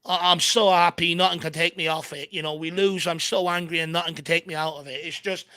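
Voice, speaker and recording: Exasperated man ranting live over a match, high and gravelly, very dry recording. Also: fairly even intonation, fairly quick, pushed and bright, no room sound. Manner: exasperated ranting, heavy swearing. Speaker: co-host of a fan watchalong. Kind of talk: heated live match reaction.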